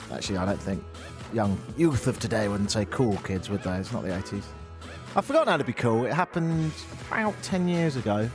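A middle-aged radio host in casual talk, dry and self-mocking, with a rambling delivery. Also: male voice, fairly low pitch, expressive, a little fast, music in the background. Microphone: studio mic.

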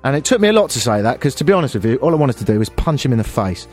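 A man's voice: mid-range voice, sing-song, rapid-fire, a little mellow, soft background music. A man telling an exasperated, self-deprecating story on air as a radio host.

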